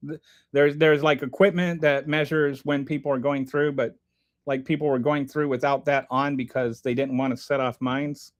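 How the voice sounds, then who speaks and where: Hosting a casual livestream, a man with a fairly high-pitched voice reads the chat aloud and comments on it. His talk is rambling and animated, full of restarts.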